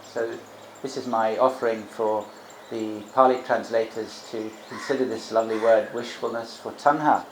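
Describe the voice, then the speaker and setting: A man's voice: on the low side, steady tone, normal speed. A man giving a Buddhist Dhamma talk as a monk teacher, reflective, explaining terms and adding rhetorical tag questions. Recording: roomy echo, faint background noise.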